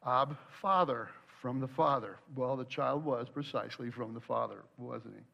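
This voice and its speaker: A man preaching a sermon, telling a personal story in an animated way and acting out his own worried thoughts aloud. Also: medium pitch, moderate pace, vocal fry, dull audio. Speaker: pastor.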